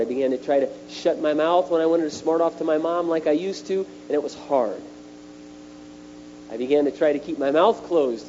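A middle-aged man preaching a sermon at a retreat, animated and emphatic, his voice jumping up on key words. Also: medium pitch. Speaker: speaker at a retreat. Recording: dull lo-fi recording with faint mains hum.

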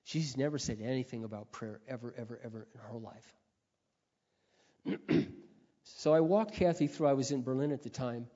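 A middle-aged man delivers a sermon through earnest personal stories, pausing often to clear his throat. His voice sits at an ordinary pitch and carries a long reverb from a large hall. The recording is muffled and lo-fi. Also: dark tone. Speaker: preacher. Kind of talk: sermon storytelling.

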